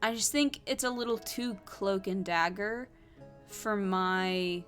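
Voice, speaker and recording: A woman plays a solo tabletop adventure, reading the text aloud at a mid pitch. She pauses to think through her choices with hesitant asides. Faint music plays underneath. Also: a bit bright. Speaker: solo tabletop game player.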